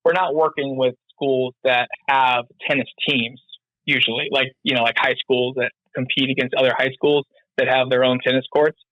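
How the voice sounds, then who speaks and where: Podcast guest, male, mid pitch, loose rambling delivery, dry muffled audio. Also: level tone, moderate pace, no room sound. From North Carolina. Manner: rambling, lots of fillers and restarts. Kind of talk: casual interview chat.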